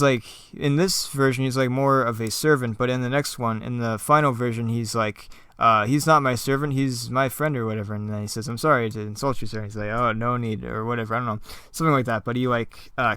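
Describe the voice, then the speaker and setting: A man's voice: mid-range voice, a bit bright, smooth, dry recording. A man reading his own play script aloud, rambling casually with many fillers and asides.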